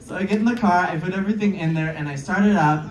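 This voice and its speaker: Amid laughter, clapping and crowd noise in a roomy live venue, a queer stand-up performer riffs playfully with the audience. Far from the mic, the mid-range voice comes across fast and chatty.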